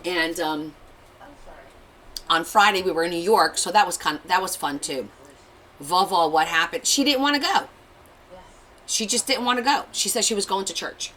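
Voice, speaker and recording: A woman's voice: fairly low pitch, moderate pace, pauses often, fairly bright tone, low-quality recording. A woman hosting a craft livestream, chatting casually and telling stories while she works. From Portuguese family. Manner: chatty storytelling, reads viewer comments aloud.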